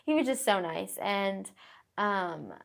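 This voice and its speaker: Chatty young woman with gravelly fry. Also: medium pitch, lively intonation, slow pace. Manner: chatty, many fillers. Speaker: podcast guest. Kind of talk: casual storytelling interview.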